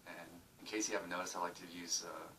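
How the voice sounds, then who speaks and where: A man's voice: sits low, steady tone, quick pace, sharp tone, far from the mic, a little hiss or hum, low-quality recording. A man casually vlogging at home into his phone, muttering and swearing while joking about himself. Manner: profane, self-mocking, muttering. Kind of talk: casual rambling video diary. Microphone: phone camera.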